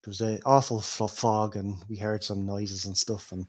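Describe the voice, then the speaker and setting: A courteous old male hobbit, fussy and always hungry, speaks softly and politely, as a man voices him. He is a tabletop game figure with a gentle, mannered way of talking. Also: on the low side, little pitch movement, normal speed, lightly acted.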